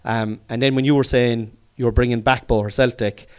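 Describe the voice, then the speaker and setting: A man's voice: medium pitch, steady tone, a little fast, clear, resonant tone. Rambling Cork man chatting. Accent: Irish, Cork. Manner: rambling, swears freely, laughs often. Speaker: podcast host. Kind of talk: casual chat.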